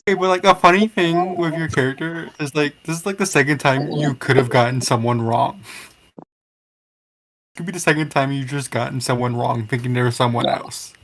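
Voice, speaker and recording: A man's voice: mid-range voice, steady tone, brisk, fairly bright tone. A man chatting as a player in a tabletop game, teasing and rambling. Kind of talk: tabletop role-play chat.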